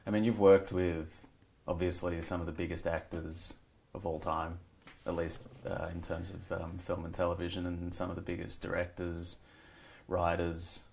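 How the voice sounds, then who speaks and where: A male podcast host with a low, gravelly voice. His delivery is flat, and he asks relaxed, probing questions. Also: moderate pace, a little hiss or hum. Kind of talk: interviewing.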